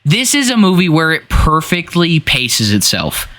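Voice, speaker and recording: Male podcast co-host, bright tone, lively and profane. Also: a little high, measured pace. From Washington State. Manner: animated, swears freely, acts out scenes. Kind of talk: casual podcast chat.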